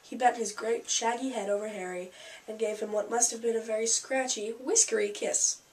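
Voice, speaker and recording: A woman's voice: fairly high pitch, steady tone, moderate pace. A woman reading a novel aloud in a casual home-reading way, with small slips and asides. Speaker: audiobook reader. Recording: slightly distant mic with faint hiss.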